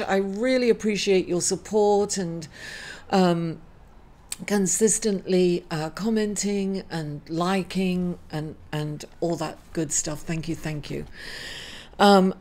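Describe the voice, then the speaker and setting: A grieving woman giving a casual weekly astrology reading, halting and apologetic with many fillers. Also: mid-range voice, darkish tone. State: grieving, tearful at times. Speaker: astrology reader. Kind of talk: casual weekly horoscope talk.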